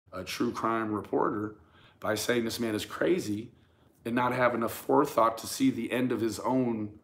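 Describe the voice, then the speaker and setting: A man hosting a casual commentary rant for his channel, speaking emphatically, often stammering and repeating words as he addresses viewers and critics directly. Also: on the low side. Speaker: YouTube true crime commentator.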